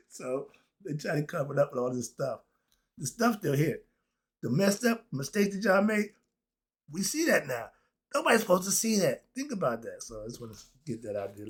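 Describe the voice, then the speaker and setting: With a slightly rough voice, this man speaks about history with real passion, alternating booming moments with hushed side remarks and frequent laughter.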